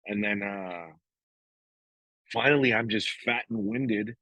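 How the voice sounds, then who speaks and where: A man's voice: on the low side, slow, pushed and bright, no room sound, rough recording. A middle-aged man co-hosting a podcast, telling a story casually with swearing and acted-out quotes. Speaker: podcast co-host. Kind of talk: casual chat.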